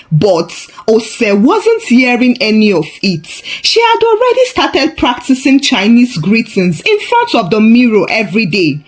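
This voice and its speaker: A woman narrating a story, expressive and chatty with asides. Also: on the high side, slow pace, few pauses.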